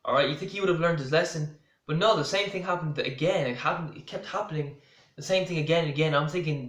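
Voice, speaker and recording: An Irish man tells a story to camera in a somewhat high voice, rambling and doubling back with asides as he goes. His words ring out in a noticeably echoey room. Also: fast, a bit bright. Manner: rambling, full of restarts and asides. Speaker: vlogger. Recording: roomy echo.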